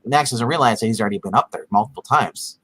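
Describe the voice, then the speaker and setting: Casual male podcaster, bright tone, rambly recap full of "you know" and quick voiced-out quotes. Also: mid-range voice, husky, no room sound, rough recording. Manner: rambling, filler-heavy, acts out characters' lines in animated bursts. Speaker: podcast co-host recapping a TV episode. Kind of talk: casual chat.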